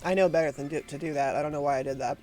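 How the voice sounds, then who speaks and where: A woman's voice: low-pitched, steady tone, racing, darkish tone, soft background music. A woman streaming a video game, chatting casually with a self-mocking, laugh-prone manner. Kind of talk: casual live gameplay commentary.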